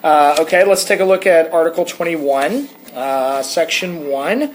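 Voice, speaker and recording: Man, American, podcast co-host, casual analytical chat, reads passages aloud, slightly high voice. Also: animated, unhurried, a little hiss or hum. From United States. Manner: talkative, digressive, reads excerpts aloud.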